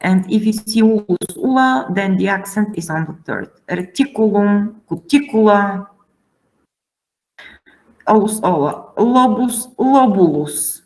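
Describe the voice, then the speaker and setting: A woman lecturing students on pronunciation rules. She talks slowly and pauses often, filling the gaps with hesitations. Her voice sits at an ordinary middle pitch. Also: animated, poor audio. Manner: slow, halting, many fillers. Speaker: Latin teacher. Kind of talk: classroom lecture.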